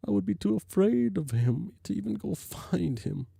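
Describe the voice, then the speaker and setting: A man's voice: sits high, sing-song, moderate pace, vocal fry, mellow, slightly rough, no echo, studio quality, full character voice. A man voicing a young grieving female dog-spirit who whimpers and sobs as he reads a webcomic aloud. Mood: frightened. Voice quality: sobbing, whimpering. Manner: tearful, self-pitying. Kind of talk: reading a webcomic aloud in voices.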